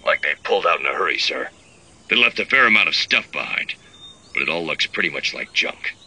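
A man voicing male military officers who give crisp, clipped reports over a comm line. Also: rumbling low, big pitch swings, a little fast, bright, forceful tone, exaggerated voice, poor audio. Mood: reporting.

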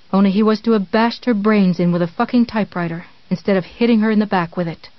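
A woman narrating a thriller novel in a measured, tense storytelling manner with dramatic pauses. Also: mid-range voice, no room sound. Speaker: audiobook narrator. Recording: dull, dry studio read.

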